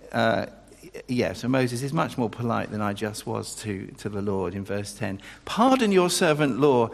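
A man preaching a sermon, animated and acting out the dialogue of the figures he quotes, often breaking off and restarting. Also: gravelly. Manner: animated, acts out quoted dialogue with pitch jumps, self-interrupting. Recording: long reverb of a large hall.

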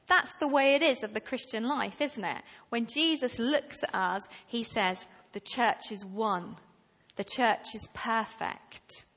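A woman delivers a sermon at an unhurried, measured pace, her voice sitting fairly high. She leans into emphatic passages. The sound carries the long reverb of a church hall. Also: gravelly, fairly bright tone. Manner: slow and deliberate, rising to emphatic passages. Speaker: preacher.

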